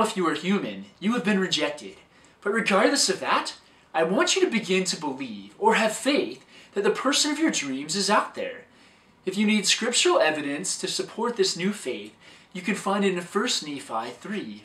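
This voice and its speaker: A man's voice: sits high, a bit bright, distant mic. A man giving an upbeat, scripted talk as a dating coach, recorded in an echoey room a little way from the microphone.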